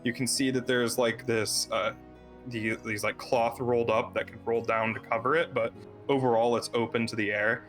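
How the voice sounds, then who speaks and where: A man's voice: medium pitch, flat delivery, moderate pace, a bit bright, soft background music. A man running a tabletop game as dungeon master, narrating loosely with many fillers and frequent laughs.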